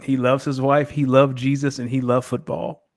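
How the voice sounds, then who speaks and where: A man's voice: mid-range voice, level tone, normal speed, dry recording. Man, podcast co-host, laid-back, teasing, dry close recording, casual chat. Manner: laid-back, teasing, imitates people for laughs.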